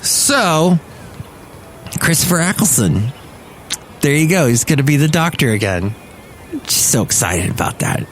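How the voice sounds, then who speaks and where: This solo podcast comes from an American talk radio worker whose voice is a little high and sing-song, at a moderate pace. He rambles eagerly and casually, correcting himself as he talks, with a little hiss or hum on the recording.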